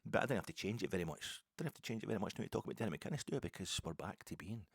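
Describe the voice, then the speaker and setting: A man's voice: on the low side, expressive, rapid-fire, creaky, breathy edge, no echo. A Scottish man hosting a solo football podcast, talking in a sardonic, mocking and sweary way, close to his camera at his home recording set. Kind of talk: solo commentary monologue. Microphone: close to camera, face fills the frame.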